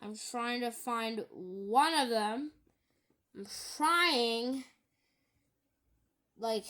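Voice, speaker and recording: A woman talking casually in a video, reading out online comments and scoffing at them in halting, rambling sentences. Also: fairly high pitch, expressive, fairly bright tone. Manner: halting, rambling, with many restarts. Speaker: YouTuber.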